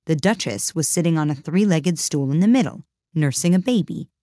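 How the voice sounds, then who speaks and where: A woman narrating a storybook in a measured, even way. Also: low voice, no echo, studio quality. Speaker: audiobook narrator.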